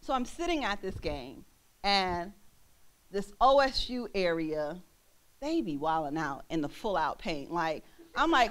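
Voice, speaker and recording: A young woman ministering in a church, preaching an animated sermon and acting out the voices of the people in her stories. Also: fairly low pitch, a little slow. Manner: animated, acts out quoted voices, laughs.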